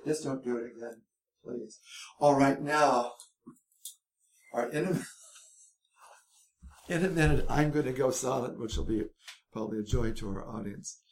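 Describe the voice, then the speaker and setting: A man's voice: mid-range voice, normal speed, long pauses. A man hosting a podcast, chatty and self-mocking, rambling with frequent restarts. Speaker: podcast host. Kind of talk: casual podcast chat.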